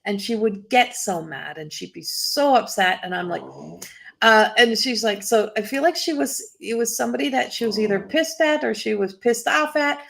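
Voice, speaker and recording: A woman's voice: on the high side, normal speed, creaky. A woman doing a live psychic reading as a medium, talking in a rambling way, breaking off and restarting her sentences, and laughing often.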